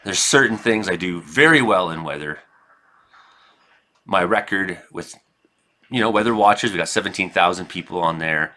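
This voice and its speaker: A man from Canada talks casually over his own gameplay, wandering between stories and sudden excited outbursts. His voice sits low but carries a bright, forceful edge. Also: moderate pace, pauses often. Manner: rambling, excitable, reacts loudly to hits. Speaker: gaming streamer and weather forecaster.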